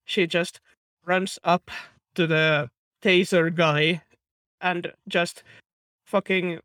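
A man's voice: high-pitched, level tone, very slow, bright, forceful tone, smooth, no room sound, studio quality. A man playing a tabletop game, describing his character's actions in a hesitant, playful way. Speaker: player. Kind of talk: casual tabletop play.

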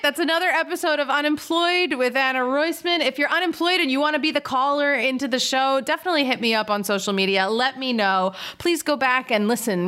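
A woman's voice: high voice, sharp tone. Bubbly woman podcast host. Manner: bubbly, effusive, quick asides. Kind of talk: casual podcast chat and outro.

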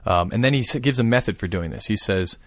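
A man calmly explaining a prayer practice in casual conversation. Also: fairly low pitch, quick pace, no echo. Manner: thoughtful, explanatory, steady.

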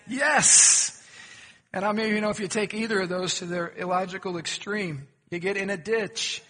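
A man's voice: high-pitched, moderate pace, pushed and bright, long reverb tail. A pastor preaching a sermon, questioning his congregation and telling folksy jokes. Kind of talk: sermon with humorous stories. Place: church sanctuary.

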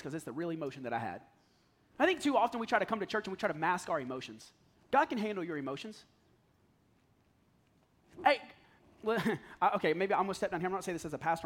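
A man in his thirties preaching to his congregation, candid and raw, dropping to a hush and then rising to loud pleading. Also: high-pitched. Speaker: pastor. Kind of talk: sermon. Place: church hall.

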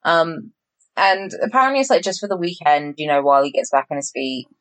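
A woman's voice: low-pitched, a little fast, a bit bright. A young woman co-hosting a podcast, chatting casually and swearing as she recaps a TV show. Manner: chatty, swearing, heavy use of 'like'. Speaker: podcast co-host.

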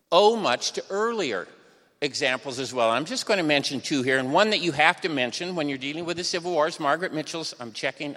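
Older male lecturer, bright forceful voice, wry and sardonic, reverberant hall. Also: on the high side. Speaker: history lecturer. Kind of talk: university lecture.

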